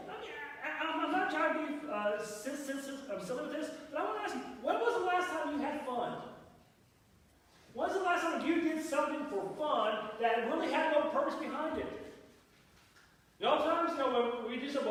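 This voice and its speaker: A man's voice: very high voice, animated, quick pace, fairly bright tone. A pastor in his forties giving a folksy, playful storytelling sermon in a church. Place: church sanctuary. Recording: echoey hall, mic far off.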